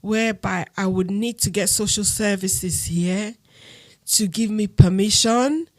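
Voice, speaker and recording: A woman's voice: medium pitch, a little slow, dry recording, studio quality. A middle-aged woman from Nigeria with a Nigerian accent, a podcast guest telling her story casually and acting out the dialogue of others. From Akwa Ibom, Nigeria. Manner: animated, acts out dialogue with others.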